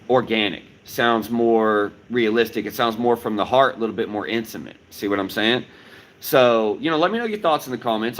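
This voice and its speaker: Low-voiced man teaching. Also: a bit bright, rough recording. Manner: explanatory, repeats key points with "right?". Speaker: martial arts instructor. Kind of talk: livestreamed talk to viewers.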